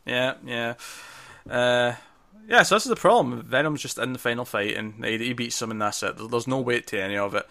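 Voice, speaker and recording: A man co-hosts a casual film discussion, animated and frequently jumping in, tripping over his words as he goes. His voice is medium-pitched and gravelly, and he talks fairly quickly.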